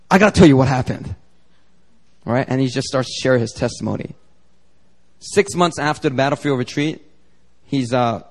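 A pastor preaching a sermon, telling a story animatedly and acting out the dialogue. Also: male voice, mid-range voice. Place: church sanctuary. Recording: long church hall reverb.

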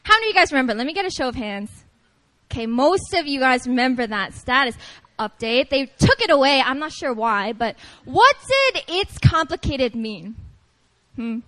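A woman preaching at a prayer meeting, talking to the congregation in an animated, playful way and calling on them to respond. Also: high voice, moderate pace, low-quality recording. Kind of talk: lively conversational sermon.

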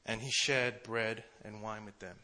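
A man preaching a casual, conversational sermon, chatty and quick to laugh at himself. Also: on the low side, steady tone, bright, forceful tone. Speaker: preacher, church treasurer.

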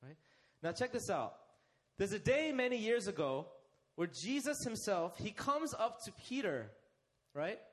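A young man delivers a sermon in a high, animated voice that rises and falls freely. He keeps questioning his congregation and drawing them in. He slows right down to stress the phrases that matter. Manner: interactive, asks the congregation questions and leads them. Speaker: preacher.

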